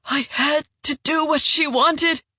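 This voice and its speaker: A man's voice: extremely high pitch, steady tone, slow, pushed and bright, no echo, studio quality, pitched above the performer's own voice, exaggerated voice. A woman voicing a wounded, desperate male traitor who pleads in a quavering voice. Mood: pleading.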